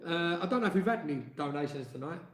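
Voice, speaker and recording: Male co-host, chatty and jokey, slightly high voice, roomy echo. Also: expressive, fast talker. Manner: chatty, jokey, reads viewer comments aloud. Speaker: live stream co-host and singer. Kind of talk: casual live-stream chat. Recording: echoey room.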